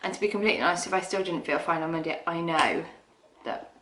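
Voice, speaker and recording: A woman's voice: on the low side, quick pace, a bit bright, slight background noise. Candid woman vlogging to camera. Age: middle-aged. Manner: candid, emotional, talking straight to camera. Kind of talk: personal pregnancy vlog. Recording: echoey room.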